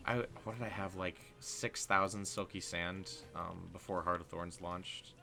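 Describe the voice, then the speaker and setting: A man hosting a livestream, chatting casually and excitably over a game, with slangy talk that gets loud when he is hyped. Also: low voice, unhurried, gravelly, faint music behind. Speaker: livestream host. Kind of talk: casual gameplay chat.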